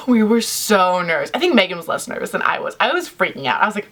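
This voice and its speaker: A young woman telling a story to camera in a chatty, animated way, full of "like" fillers. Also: medium pitch, a little fast. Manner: chatty, animated, heavy use of "like". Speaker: vlogger.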